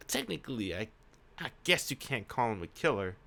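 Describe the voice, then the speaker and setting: A man reading a visual novel aloud and reacting with excitable, sweary commentary, breaking into shouts. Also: mid-range voice, normal speed, creaky. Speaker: video game reader. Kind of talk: casual let's-play commentary.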